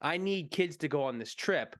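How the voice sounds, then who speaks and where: Man, fairly high voice, lively storyteller, laughs a lot, dry close sound. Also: normal speed, no room sound. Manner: animated storyteller, acts out quotes, laughs often. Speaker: podcast co-host. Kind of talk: casual movie chat, retelling a comedian's story.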